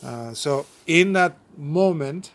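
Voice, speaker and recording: A man's voice: a little high, lively intonation, takes it slowly, fairly bright tone. A man from Uganda, a pastor giving his personal testimony in an interview, speaking earnestly and often repeating or restarting his words.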